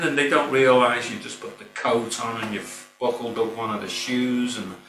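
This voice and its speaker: With faint music in the background, a middle-aged man delivers an earnest, casual spiritual talk in a mid-range, slightly bright voice. He speaks at a moderate pace with fairly even intonation and hardly pauses, rambling somewhat and often saying "you know"; a distant mic gives a roomy sound with a faint hum.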